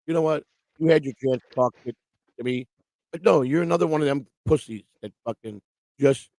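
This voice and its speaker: On his casual morning livestream, a man with a rough, gravelly, mid-range, darkish voice rambles through a profane rant, mockingly quoting others. Picked up by a livestream microphone, the sound is dry and close, with no echo or surrounding room.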